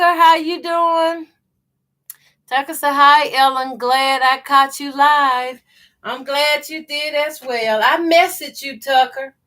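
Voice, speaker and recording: Brief: middle-aged Southern woman, unhurried, slightly high-pitched, folksy live-stream host chatting while she sews. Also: sharp tone. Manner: chatty, folksy, greets viewers by name. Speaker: sewing channel host. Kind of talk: casual live-stream chat while sewing.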